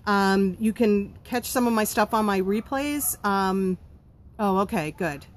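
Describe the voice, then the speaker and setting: A woman's voice: mid-range voice, a little slow, a little hiss or hum. A woman hosting a live stream about running a home baking business, answering viewer comments in a blunt, chatty way with lots of ums. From not from Pennsylvania.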